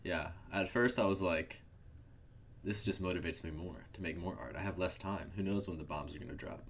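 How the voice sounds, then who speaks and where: Laid-back young man with a very low voice. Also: fairly quick, a little hiss or hum. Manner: laid-back, joking, trails off mid-sentence. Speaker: podcast co-host. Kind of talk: casual chat.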